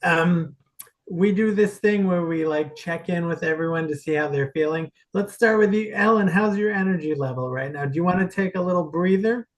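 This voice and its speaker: A man on a video call gently checking in with the speaker. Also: high voice, moderate pace, rough recording.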